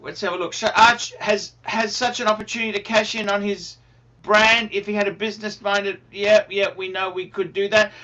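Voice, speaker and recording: Excitable rambling man, high bright voice. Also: moderate pace, lo-fi sound. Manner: rambling, excitable, repeats himself, swears. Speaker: livestream host. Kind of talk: casual livestream chat.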